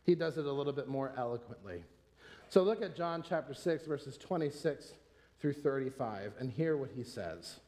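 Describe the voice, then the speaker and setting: A man's voice: medium pitch, lively intonation, moderate pace, mellow. A man preaching a sermon, teaching in a conversational, emphatic way with rhetorical questions. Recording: long hall reverb.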